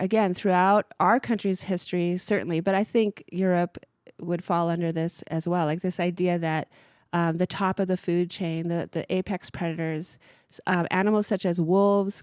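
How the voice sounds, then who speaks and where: A woman's voice: on the low side, darkish tone, no room sound, studio quality. A woman co-hosting a radio talk show, explaining earnestly in a casual discussion with frequent restarts.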